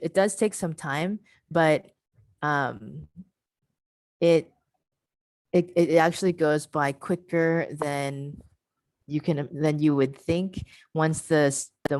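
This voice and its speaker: A woman's voice: low-pitched, darkish tone, dry recording, studio quality. A woman presenting an online teacher workshop over a video call, patient and repeating her key points.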